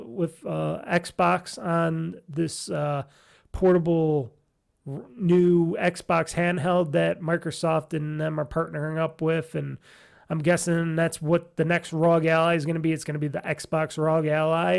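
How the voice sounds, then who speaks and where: With a slightly high voice, flat delivery and measured pace, a man hosts a relaxed solo gaming podcast. His speech rambles, heavy with fillers and restarts. The voice has a nasal, gravelly, stuffed-up and tired quality.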